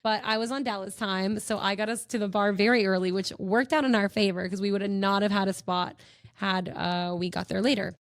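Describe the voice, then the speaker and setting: A young woman tells stories on her own podcast in a bubbly, gushing way, giggling often. Her pitch sits in the middle for a woman. The recording is close and dry, with no room sound. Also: fairly even intonation, brisk, no echo. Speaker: podcast host. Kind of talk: casual chat.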